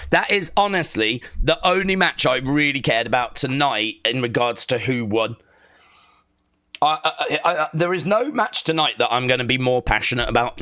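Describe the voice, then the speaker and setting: A young man hosting a wrestling watch-along live stream, reading chat aloud and cheering loudly. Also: mid-range voice.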